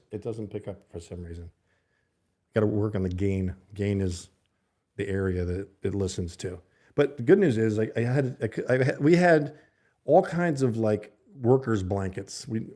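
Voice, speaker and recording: A man with a somewhat low voice hosts a casual livestream from his home setup. He talks close into a desk mic. He rambles loosely and chats with the viewers in his chat. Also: fairly quick, dark tone. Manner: rambling, chatty, reads viewer comments aloud. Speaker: livestream host. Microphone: desk mic held close to the mouth.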